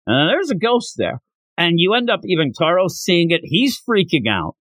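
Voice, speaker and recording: A man's voice: high voice, big pitch swings, moderate pace, fairly bright tone, dry recording. A man hosting a podcast, reviewing a manga in a casual chat and retelling scenes with lots of fillers.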